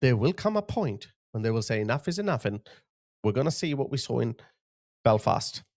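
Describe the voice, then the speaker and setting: A man's voice: mid-range voice, very animated, fairly quick, a little mellow. A man hosting his channel, giving indignant political commentary over video clips and often repeating himself to point things out. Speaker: channel host.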